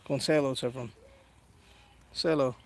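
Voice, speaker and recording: A man's voice: medium pitch, fairly even intonation, fast, gravelly. A man in his thirties chatting casually on a live stream from his garden while minding his toddler, laughing often and reading viewer comments aloud. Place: outdoors in a garden.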